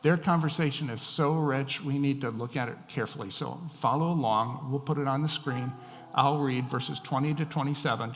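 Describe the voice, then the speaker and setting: Male pastor, mid-pitched voice, preaching a sermon with scripture reading. Recorded in a church sanctuary with a long hall reverb. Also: fairly bright tone. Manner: reads scripture aloud and explains it; acts out quoted lines with rising emphasis.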